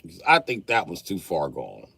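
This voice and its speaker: A man's voice: low-pitched, moderate pace, vocal fry, husky, no room sound. A man in his late thirties telling profane, comic stories on a livestream, laughing as he goes. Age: late 30s. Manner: animated, profane, laughs mid-story. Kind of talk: comedic storytelling rant.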